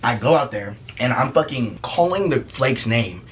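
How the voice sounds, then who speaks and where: Young guy telling a storytime vlog, super lively up-and-down voice, swears a lot, laughs. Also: mid-range voice, moderate pace. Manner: animated, profane, laughs often. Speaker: vlogger. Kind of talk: casual storytime.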